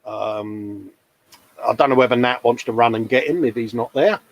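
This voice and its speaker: A man's voice: mid-range voice, moderate pace, no echo. Chatty man in his forties. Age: 40s. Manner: chatty and jokey, calls people mate. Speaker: host of a model-building live show. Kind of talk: casual chat. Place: hobby workbench.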